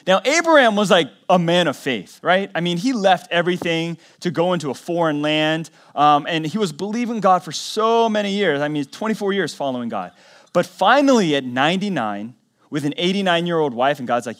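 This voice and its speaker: A man preaching a sermon as pastor, telling the story in a conversational way and swinging between loud emphatic lines and quiet low ones. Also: big pitch swings, moderate pace. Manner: conversational storytelling with acted quotes.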